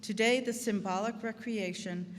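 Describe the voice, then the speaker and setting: A woman acting as master of ceremonies, reading scripted remarks in a measured, formal way. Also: a little high, music in the background. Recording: long hall reverb, faint background noise.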